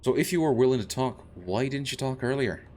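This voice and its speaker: A man's voice: mid-range voice, expressive, a little fast, a little mellow, pitched above the performer's own voice, lightly acted. A man putting on a cocky Irish-accented dwarf. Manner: blunt, cocky. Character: bold male dwarf hero with a bad Irish accent.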